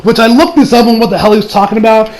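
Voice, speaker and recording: A man's voice: sits high, rapid-fire, slight background noise, rough recording. An American man, a young adult, recapping an anime episode in a rambling, profane, casual way, with many fillers and restarts. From United States. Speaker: anime reviewer.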